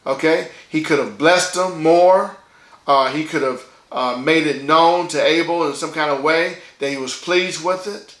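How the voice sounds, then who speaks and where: Man, pastor, conversational sermon, fairly high voice, echoey room. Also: unhurried, a bit bright. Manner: conversational preaching, frequent "okay?" checks.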